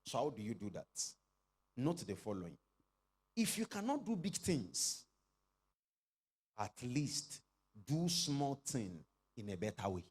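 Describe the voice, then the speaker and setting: A middle-aged man preaching a sermon as pastor, leading the congregation in call-and-response and rising to shouted exclamations. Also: medium pitch, big pitch swings, a little slow, long pauses, husky.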